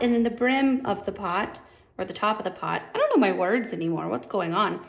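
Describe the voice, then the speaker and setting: A young woman demonstrating machine embroidery, chatty and bubbly, gushing over how cute each step looks. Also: fairly high pitch. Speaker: sewing instructor. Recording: echoey room.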